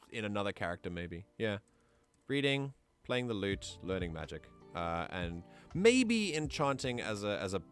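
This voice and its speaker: A man's voice: fairly low pitch, a bit bright. A man streaming, chatting casually and thinking aloud as he plans out a game character. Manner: musing aloud, easygoing. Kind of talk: casual livestream chat.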